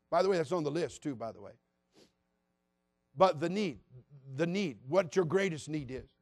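A man preaching a sermon as pastor, passionate, moving between loud appeals and hushed, quiet passages. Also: on the high side, lively intonation, normal speed, long pauses, dry recording, clean studio sound.

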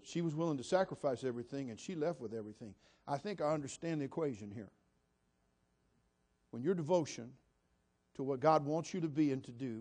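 A man's voice: mid-range voice, dark tone. A man preaching a sermon as pastor, emphatic and repetitive, putting direct questions to the congregation.

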